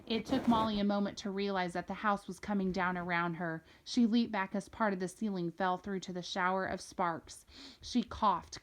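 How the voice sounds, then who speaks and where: A woman reading a novel aloud, telling the story in a steady, expressive way. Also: on the low side. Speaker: reader.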